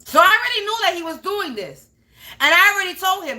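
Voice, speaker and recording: In a very high, sing-song voice with a sharp edge, a woman talks at a quick pace. She's a spiritual reader ranting to camera off the cuff, cursing and emphatically repeating herself to press her points.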